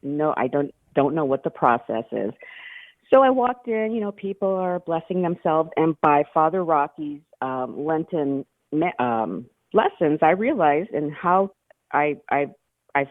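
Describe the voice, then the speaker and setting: A woman's voice: low-pitched, lively intonation, unhurried, dry recording. A woman calling in to a radio show, telling her story with emotion and frequent laughter. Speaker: caller. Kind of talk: call-in radio chat. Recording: tinny phone line.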